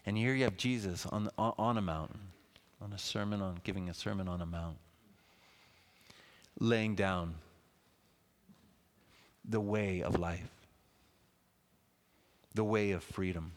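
A man's voice: lowish voice, measured pace, long pauses. Man preaching in a reverberant hall. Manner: lively, conversational preaching with asides. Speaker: pastor. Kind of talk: sermon.

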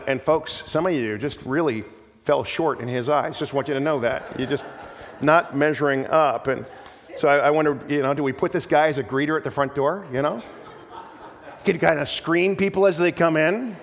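Earnest guy preaching, kinda high voice, lots of echo from the church hall. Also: normal speed, a bit bright. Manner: earnest, emphatic, repeats words when restarting. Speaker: pastor. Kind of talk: sermon.

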